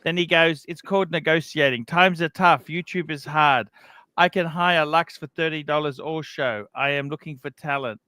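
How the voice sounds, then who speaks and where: A man's voice: fairly high pitch, normal speed, sharp tone, no echo. A man hosting a casual livestream, animatedly retelling a feud. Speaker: livestream host.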